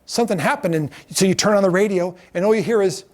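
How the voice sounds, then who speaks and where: A middle-aged man giving a lecture to a class, telling lively anecdotes and acting out the quotes. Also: sits high, fast. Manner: animated storyteller acting out quotes.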